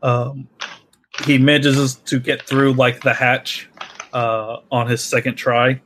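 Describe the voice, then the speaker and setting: A man running a tabletop game as game master. His voice sits in a middle pitch, and he talks loosely, pausing often with fillers and restarts. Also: flat delivery, fairly bright tone, a little hiss or hum. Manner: loose and halting, many fillers.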